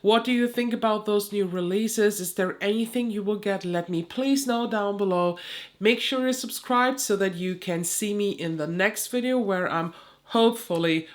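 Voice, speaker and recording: A woman's voice: medium pitch, moderate pace. A woman with a nasal, stuffy voice, chatting candidly to camera as a beauty vlogger, swearing now and then. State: stuffy nose, sweating. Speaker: beauty youtuber. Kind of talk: casual chat to camera.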